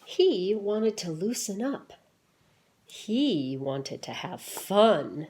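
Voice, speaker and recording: Low-voiced teacher lady reading a picture book to kids, slow and gentle, stops to ask questions. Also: sing-song, slight background noise. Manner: gentle, pauses to ask children questions and wonder aloud.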